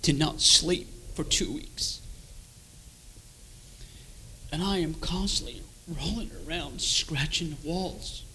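A man giving an emotional personal testimony, repeating phrases and moving from hushed to loud. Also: a little high, a little slow, slight background noise. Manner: emotional, repetitive storytelling that swells from hushed to loud.

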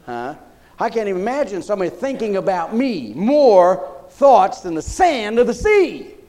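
A man's voice: high voice, big pitch swings, moderate pace, a little mellow. A man preaching a folksy sermon, often asking his congregation "Huh?".

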